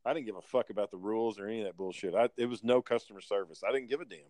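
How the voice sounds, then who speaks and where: A man's voice: on the low side, very fast, a little mellow. A man telling a blunt, profanity-laced story in casual chat.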